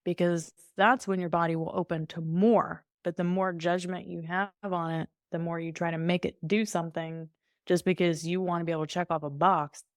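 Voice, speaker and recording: Breezy, candid woman, lowish voice. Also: steady tone, moderate pace, no echo, clean studio sound. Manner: breezy and candid, laughs often, slips into playful voices. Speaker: sex coach guest. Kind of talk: conversational podcast interview.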